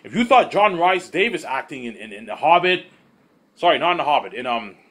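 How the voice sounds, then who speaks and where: A man rambles at speed in a lively, sing-song voice that sits a little high for a man. He repeats himself, trips over words and swears freely as he gets carried away. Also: brisk. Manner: excitable, repetitive, swears freely; stumbles and restarts often. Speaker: vlogger. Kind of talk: casual rambling monologue.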